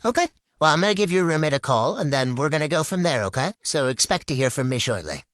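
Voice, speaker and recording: A man's voice: fairly high pitch, big pitch swings, fast, a bit bright. A young man playing a patient, apologetic residence hall staffer in comedy phone skits. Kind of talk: comedic phone-call skit.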